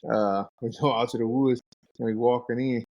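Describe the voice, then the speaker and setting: A man in his thirties tells hunting stories in a relaxed, casual way. He jumps into higher voices to act out what his friends said. The sound is dull and dry, like a muffled podcast mic in a deadened room. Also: moderate pace, no room sound. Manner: animated, acts out quoted friends in a higher voice. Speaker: guest, pro fighter and bow hunter. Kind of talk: casual storytelling.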